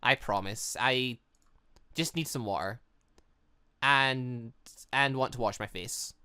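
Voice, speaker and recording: A man's voice: medium pitch, slow, clear, resonant tone, no echo, pitched below the performer's own voice. A man reading the lines of a distraught, furious young woman aloud in a visual novel read-through, in his own voice without putting on a girly tone. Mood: drained. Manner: reads her lines flat in his own voice.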